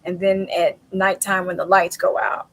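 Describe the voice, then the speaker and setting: A woman hosts a relaxed podcast interview with a gravelly, creaky texture to her voice. She talks in a loose, chatty way, laughing often and slipping into little acted quotes. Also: fairly low pitch, moderate pace, rough recording. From southern United States. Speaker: podcast host. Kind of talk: casual interview chat.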